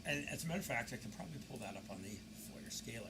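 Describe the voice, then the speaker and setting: A man narrating security camera footage as a video commentator, telling the story in a lively way with mocking asides. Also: mid-range voice, fast, gravelly, heavy background noise.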